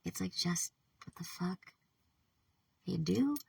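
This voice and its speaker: A woman talking to camera in a rambling, halting personal monologue, swearing often, trailing off mid-thought and sometimes dropping to a whisper. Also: fairly low pitch, expressive, creaky, warm tone, breathy edge, distant mic. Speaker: vlogger.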